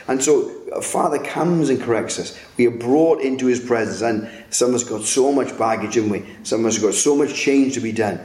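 A man's voice: mid-range voice, normal speed, few pauses, darkish tone, reverberant. A male pastor preaching a sermon earnestly, with frequent restarts and rising emphatic peaks.

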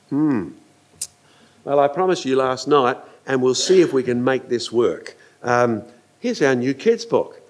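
An older man preaching a sermon, animated, asking his listeners questions and acting out quotes. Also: mid-range voice.

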